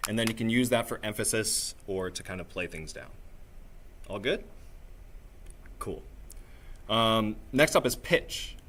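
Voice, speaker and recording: A man leading a live workshop, coaching the room like a voice teacher with a singing background, energetic and coaxing, checking in again and again with "right?" and "okay?". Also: fairly low pitch, unhurried, pauses often, a little hiss or hum. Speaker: workshop presenter.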